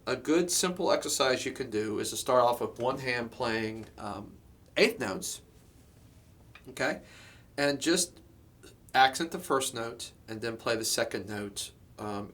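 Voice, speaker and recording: Drum teacher, male, average pitch; casual explainer, lots of "um" and "okay?". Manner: relaxed, explanatory, many fillers and "okay?" check-ins. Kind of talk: instructional lesson.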